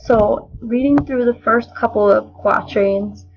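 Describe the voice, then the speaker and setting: A young woman giving a measured, explanatory spoken analysis of a poem as a lesson. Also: on the high side. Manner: measured, explanatory, occasional restarts. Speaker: student presenter. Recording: dull lo-fi recording.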